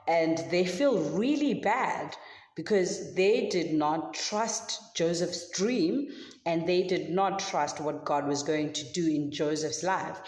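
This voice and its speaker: A woman leads a children's Sunday school lesson, telling the story in a casual, chatty way full of filler words. Her voice sits on the lower side. The sound is roomy, with a long reverb from a church hall. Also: slow pace, darkish tone.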